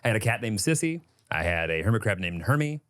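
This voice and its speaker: A man co-hosting a podcast in casual chat, joking and bantering with lively intonation. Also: lowish voice, quick pace. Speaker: podcast co-host.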